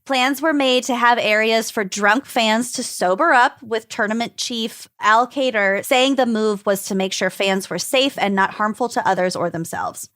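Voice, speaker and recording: A woman's voice: a little high, moderate pace, few pauses, a bit bright. A young adult woman co-hosting a podcast, reading out news facts in a newsy anchor manner between casual chat. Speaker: podcast co-host.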